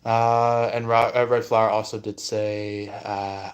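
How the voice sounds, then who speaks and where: A man's voice: medium pitch, fairly even intonation, measured pace, few pauses. A man giving a casual astrology reading and responding to viewer comments, talking hesitantly with many fillers. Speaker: astrology and tarot reader.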